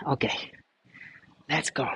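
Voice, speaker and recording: A man's voice: slow, bright, forceful tone, in a whisper, poor audio. A Dutch man, a native Dutch speaker using English, guides a cycling tour of a city outdoors and explains at length with frequent restarts. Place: outdoors in a city square, riding a bike.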